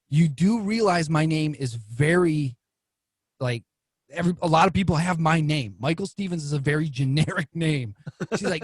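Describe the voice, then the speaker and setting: On a podcast, a man appears as a guest and spins a casual story, his voice rising sharply whenever he acts out quoted lines. He talks at normal speed with a breathy edge, and the recording is dry.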